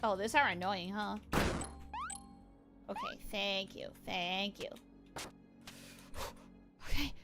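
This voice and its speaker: Woman game streamer, lively, swinging pitch, unhurried delivery, repeats herself and swears when rattled. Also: loud music behind the voice. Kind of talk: live gameplay commentary.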